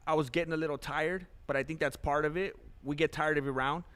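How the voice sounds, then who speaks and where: A male fighter answering questions in a post-fight interview, measured and matter-of-fact. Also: on the high side, fairly even intonation, fairly bright tone.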